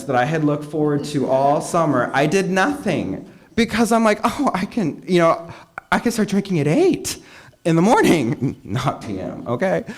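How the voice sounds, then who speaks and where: A young man with a fairly low voice shares his story at a meeting. He talks candidly and mocks himself, with plenty of fillers and asides. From California. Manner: candid, self-mocking, conversational with frequent fillers. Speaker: meeting speaker. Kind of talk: personal recovery talk. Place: meeting hall.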